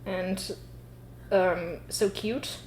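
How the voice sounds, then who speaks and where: A woman's voice: mid-range voice, steady tone, extremely slow, a little mellow, slight background noise, rough recording. A woman co-hosting a podcast, talking in chatty casual conversation, swearing freely and laughing often. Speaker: podcast co-host. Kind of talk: casual chat.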